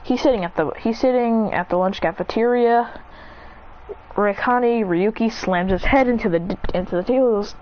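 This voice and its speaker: A woman's voice: a little high, normal speed. A woman casually narrating an improvised story, rambling and correcting herself as she acts out the characters' lines. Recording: dull lo-fi recording with faint noise.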